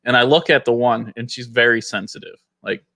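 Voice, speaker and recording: A man's voice: medium pitch, fairly quick, sharp tone, no room sound. A man chatting casually as a podcast guest, telling a long rambling story full of "like" and restarts.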